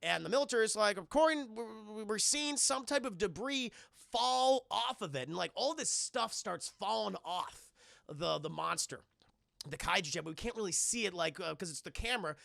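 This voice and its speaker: A man with a gravelly, crackling voice, pitched high for a man, recaps a film for his live chat. He is loose and profane and keeps jumping into the characters' lines. The sound is dry and close, with no room around it. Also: no echo. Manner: animated, profane, acts out characters' lines in quick bursts. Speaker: live streamer reviewing films. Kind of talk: casual spoiler recap on a live stream, addressing chat.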